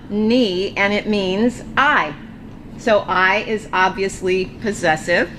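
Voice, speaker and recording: A woman teaching a beginner Hebrew alphabet lesson from a ministry office, getting viewers to repeat the sounds aloud after her. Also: mid-range voice. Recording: noisy background.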